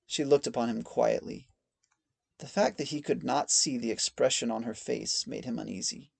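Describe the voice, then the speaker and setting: A man narrating a fantasy audiobook in a measured storytelling reading on a close mic. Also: mid-range voice, creaky, slightly rough, no room sound. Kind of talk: scripted narration.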